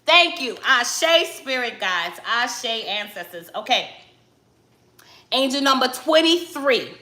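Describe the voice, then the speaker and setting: A woman with a Brooklyn accent talking casually and candidly, loud and direct, in a reflective vlog. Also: a little high, big pitch swings, slow, echoey room. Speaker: spiritual vlogger, tarot reader.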